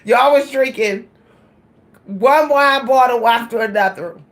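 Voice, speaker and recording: A woman vlogger telling a story in casual chat, animated and laughing, talking straight to her listeners. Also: a little high, a little slow.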